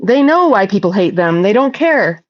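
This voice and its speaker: A woman's voice: mid-range voice, big pitch swings, normal speed, lo-fi sound. A woman hosting a casual livestream chat, reading viewer comments aloud and answering them in a blunt, profane, talkative way.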